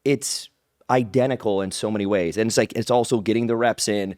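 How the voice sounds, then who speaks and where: A man telling stories as an interview guest, animated and rambling, acting out other people's lines in his own voice. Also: lowish voice, a little fast, no echo, clean studio sound. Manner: rambling with restarts and "like". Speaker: guest, pro wrestler. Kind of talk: casual interview storytelling.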